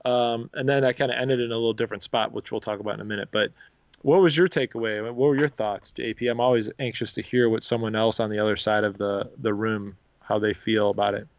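Man, podcast co-host, relaxed, reflective, rambling, dry sound, slightly muffled. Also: on the low side, quick pace, no echo. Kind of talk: casual faith podcast chat.

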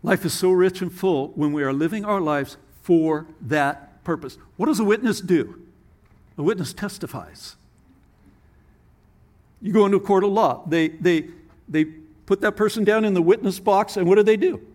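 High-voiced man preaching a sermon. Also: moderate pace. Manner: earnest preaching, dropping to soft asides and acted voices. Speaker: pastor.

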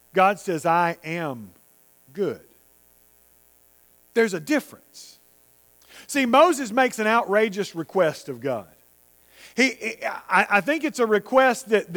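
A man delivers a sermon in a high, light voice that carries through a church. He preaches earnestly, stumbling into restarts, then slowing right down to press a point home. His words ring out with a long, lingering reverb. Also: a bit bright. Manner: earnest, stammering restarts, slows for emphasis. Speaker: pastor. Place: church sanctuary.

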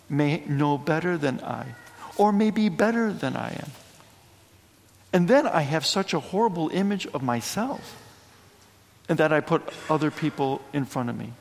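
A priest preaches a sermon in an echoey church, speaking animatedly in a chatty way with frequent asides. His voice is a little high, with vocal fry.

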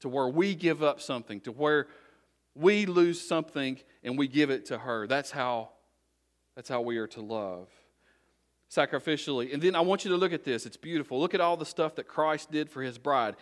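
A man's voice: on the high side, moderate pace. A middle-aged man preaching a sermon as a pastor, talking conversationally and repeating short exhortations.

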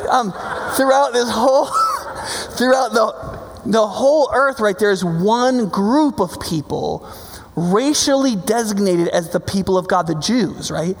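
Male pastor, casual animated sermon delivery, gravelly tone, long hall reverb. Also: high voice, slight background noise. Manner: conversational, animated preaching with frequent "right?".

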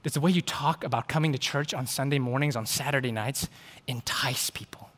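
Animated preacher in a reverberant hall. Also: male voice, medium pitch, brisk. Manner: animated, acts out quoted dialogue. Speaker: pastor. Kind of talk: sermon with storytelling. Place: church sanctuary.

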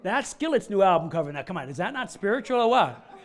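High-voiced chatty man preaching. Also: sing-song, quick pace. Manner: chatty, rambling, with many asides. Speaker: pastor. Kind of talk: casual joking sermon.

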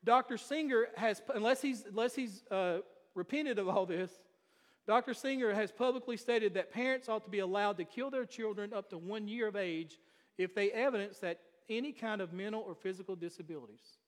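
A man's voice: high-pitched, fairly quick. A man preaching a sermon, emphatic and full of rhetorical questions. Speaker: pastor. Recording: long hall reverb.

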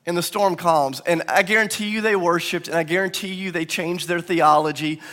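A bright, forceful male pastor with a lilt preaches in a big church hall, the reverb trailing after his words. He tells stories with energy, slipping into acted quotes, his voice sitting a little high for a man. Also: a little fast. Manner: animated storytelling with acted quotes. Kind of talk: sermon.

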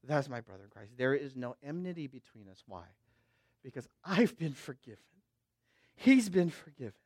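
A middle-aged pastor from the West Coast preaching a sermon, dropping to quiet asides and rising to loud, slow proclamations while checking in with "amen?" and "okay?". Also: male voice, mid-range voice, sing-song, no echo, studio quality. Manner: swings from hushed asides to loud, drawn-out proclamation; asks the crowd for response with "amen?" and "okay?".

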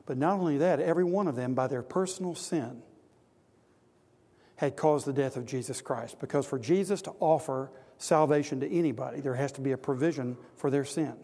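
A man's voice: medium pitch, a little fast, dark tone, in a large hall. A man preaching a sermon to an audience of men, earnest and exhorting, building to emphatic repetition.

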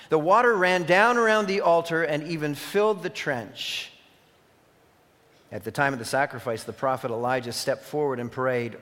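A man preaching a sermon, reading scripture aloud with sudden loud emphatic peaks and quieter asides. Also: on the high side, normal speed. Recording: long reverb of a hall.

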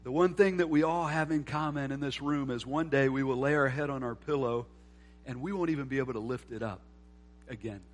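A man preaching a sermon as pastor, moving between loud emphatic lines and quiet, soft reflection. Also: medium pitch, fairly quick. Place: church sanctuary.

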